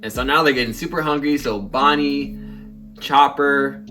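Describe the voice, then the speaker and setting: A man with a bright, forceful voice retells a comic chapter in a casual co-host chat. He plays out the characters' lines as he goes. Faint music sits in the background. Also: mid-range voice, steady tone, moderate pace. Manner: storytelling, acting out character lines.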